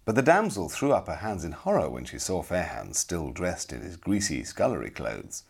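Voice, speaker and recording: A man narrating a storybook with expressive, dramatic storytelling. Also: low voice, moderate pace, vocal fry, breathy edge.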